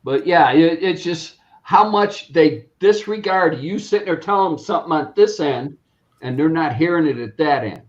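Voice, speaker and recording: A man's voice: fairly high pitch, lively intonation, moderate pace, muffled recording. A man chatting casually among friends, telling stories and acting out phone calls. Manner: storytelling, acts out phone calls. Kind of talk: casual chat.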